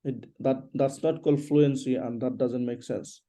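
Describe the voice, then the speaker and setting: A man teaching an English lesson one on one, patiently repeating questions and explaining slowly. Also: medium pitch, steady tone, mellow.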